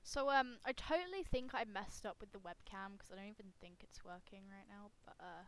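A young woman with a slightly hoarse voice talking casually over her gameplay at home, rambling and self-mocking, with sudden loud squeals. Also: medium pitch, a little fast, a little hiss or hum. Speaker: gaming YouTuber.

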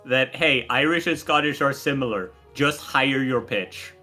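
A man's voice: medium pitch, normal speed, sharp tone, faint music behind. A man with a faint Swedish accent, Swedish being his first language, chatting animatedly and laughing on a game stream. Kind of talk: casual game stream chat.

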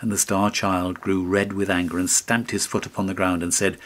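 A man with a fairly low voice narrating a fairy tale in a measured, steady manner. Scripted audiobook reading with a clear storytelling pace.

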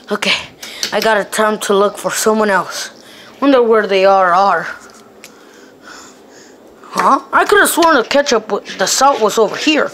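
A woman narrating an improvised hide-and-seek game with toy cars, switching between excited squeals and low mumbled asides. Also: slight background noise. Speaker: storyteller voicing toy cars.

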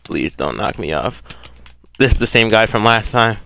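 A man's voice: mid-range voice, sing-song, moderate pace, gravelly, sharp tone, no room sound. A young man giving casual, rambling gameplay commentary, self-deprecating and given to sudden frustrated outbursts. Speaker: gaming YouTuber.

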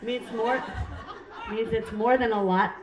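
A woman's voice: a little high, fairly even intonation, unhurried, echoey room, background noise. A middle-aged woman from Hawaii doing stand-up comedy in a brassy, self-mocking, chatty way on a club stage.

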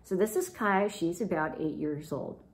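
A woman reading a children's picture book aloud in an animated, playful way. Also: lowish voice, normal speed. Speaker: children's storytime reader.

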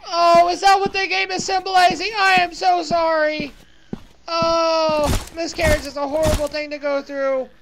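A woman's voice: very high voice, level tone, moderate pace, gravelly, background noise. A woman playing a horror game and commenting as she goes, reacting with fright and sympathy. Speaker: let's play gamer.

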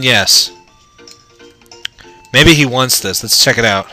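A man's voice: mid-range voice, animated, slow, pauses often, sharp tone, faint music behind. A man giving casual, rambling, profane commentary while playing through a video game. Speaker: let's play gamer.

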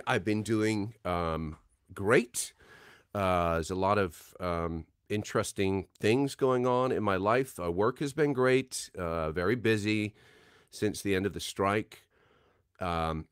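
A man with a somewhat low, smooth and resonant voice hosts a relaxed livestream. He talks loosely and chattily, with many ums and uhs, reading out viewer names and comments. The sound is dry and close. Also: no room sound. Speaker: voice actor hosting a livestream signing. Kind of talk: casual livestream chat.

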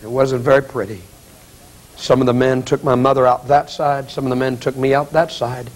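A man preaching as an evangelist in an auditorium, telling a story with acted quotes and building to loud, pleading appeals. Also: medium pitch, steady tone, moderate pace, low-quality recording. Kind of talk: dramatic revival sermon.

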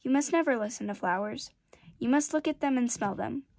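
A small, earnest boy prince with a higher, gentle voice, done by a woman reading aloud. He talks with heartfelt, pleading sincerity. The sound is dry and close to the mic. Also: fairly quick, creaky, no echo. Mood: wistful.

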